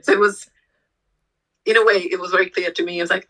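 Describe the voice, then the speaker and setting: This woman speaks in a lowish, brisk, bright voice with a forceful tone, and the recording is rough. A yoga teacher on a podcast, she explains energy centres conversationally, full of hesitation, restarts and fillers, brightening up whenever she tells a story.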